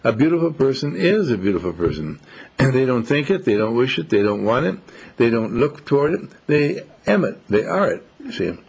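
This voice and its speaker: A man giving a slow, musing, reflective monologue, telling stories as he goes. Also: medium pitch, sing-song, vocal fry, darkish tone, husky. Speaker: speaker.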